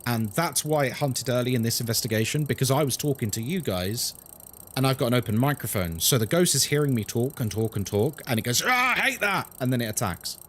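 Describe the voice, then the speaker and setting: A fast-talking British man with a medium-pitched voice streams a horror game live, with slight background noise behind him. He explains things to his chat in a relaxed, chatty way, often saying "like" and "um" while commenting on the gameplay.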